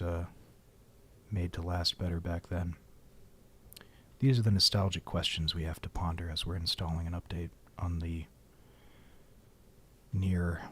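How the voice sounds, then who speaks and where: A man's voice: low-pitched, husky. A man streaming a game, rambling wryly to fill dead air into a studio microphone. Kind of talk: casual livestream chat. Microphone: studio mic.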